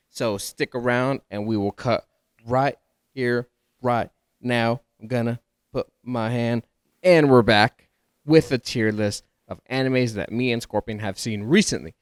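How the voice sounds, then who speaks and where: A man with a Texas accent chats on a podcast, animated and prone to tangles in his sentences. His voice sits mid-range and comes across smooth and clear. The recording is dry and close. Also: medium pitch, no room sound. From Dallas, Texas. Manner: animated, rambling, trips over words. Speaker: podcast co-host. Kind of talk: casual chat.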